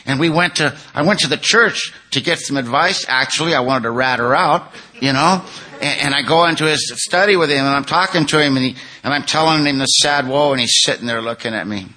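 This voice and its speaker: Older man, recovery meeting testimony, long-winded, candid, self-mocking, bright tense voice. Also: medium pitch, fairly quick. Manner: grows loud and heated when telling intense moments. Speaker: speaker sharing his story at a recovery meeting. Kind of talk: personal testimony, storytelling.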